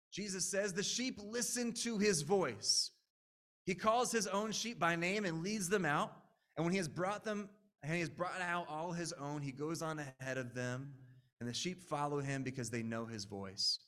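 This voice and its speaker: A young man in his late twenties preaches with an earnest, conversational manner. His voice sits a little high for a man, and he keeps turning to the congregation with quick asides. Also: fairly bright tone. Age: 20s. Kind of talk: sermon.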